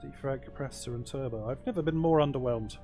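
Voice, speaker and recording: A man's voice: mid-range voice, fast talker. A man hosting a let's play, commenting casually on his moves with wry, self-deprecating asides as he thinks aloud. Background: faint game music.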